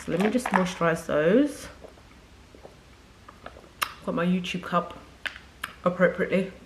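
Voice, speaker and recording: A woman's voice: on the low side, measured pace, slight background noise. A young woman beauty creator chatting casually to camera from a makeup setup at home, rambling and effusive.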